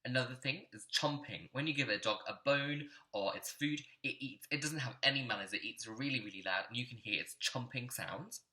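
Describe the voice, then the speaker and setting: A man teaching an online music lesson in a clear, encouraging teacherly way, sometimes chanting rhythms aloud. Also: mid-range voice, brisk, few pauses, bright, forceful tone.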